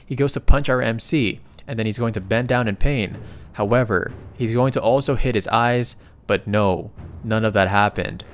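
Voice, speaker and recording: A man narrating a comic recap in a casual, excitable way, often breaking into exclamations. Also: mid-range voice, a little hiss or hum.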